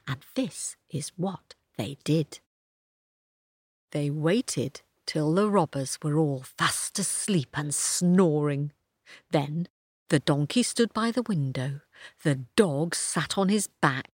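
Expressive woman storyteller for children, lively pitch, dry close sound. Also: no echo. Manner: expressive, sing-song. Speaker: storyteller host.

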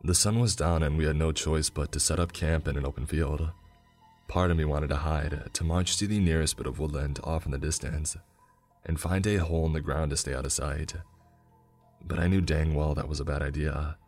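A man with an extremely deep, low voice narrates a scripted horror story. His delivery is measured and grim, with faint music playing quietly beneath. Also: fairly even intonation.

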